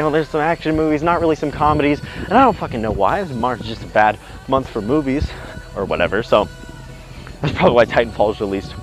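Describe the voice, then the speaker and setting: A young vlogger walks outdoors on a windy day, telling a story in a medium-pitched, animated voice at a fairly quick pace. He rambles, speaks bluntly, swears freely, and acts out what each person said. The low-quality handheld camera audio catches wind over music.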